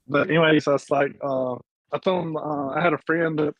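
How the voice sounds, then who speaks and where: A man's voice: fairly high pitch, fairly even intonation, fairly quick, no echo, dull audio. Male co-host, rambling and laughing storyteller, dry close sound. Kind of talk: casual chat.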